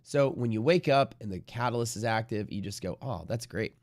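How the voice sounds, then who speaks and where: A man hosting a live day-trading stream, rambling casually with lots of swearing and sudden loud bursts of mock trader shouting. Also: medium pitch, brisk, no echo, clean studio sound.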